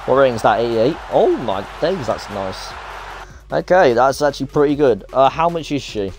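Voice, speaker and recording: Young male gamer, excitable pack-opening commentary, mid-pitched voice over faint background music. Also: moderate pace. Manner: excitable, chatty, reacts aloud to each card. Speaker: gaming YouTuber.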